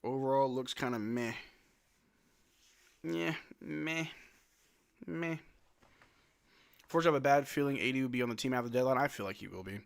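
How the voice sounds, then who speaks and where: A man hosting a casual live watch-along of a game, calling the play-by-play, reading chat questions aloud and answering them, with loud excited outbursts at big plays. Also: mid-range voice, fairly quick, vocal fry, pauses often, smooth. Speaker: livestream host doing play-by-play.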